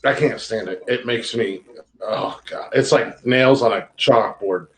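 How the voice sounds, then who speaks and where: A man's voice: medium pitch, a little slow, a bit bright. A man co-hosting a podcast in casual chat, blunt and opinionated, swearing freely. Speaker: podcast co-host.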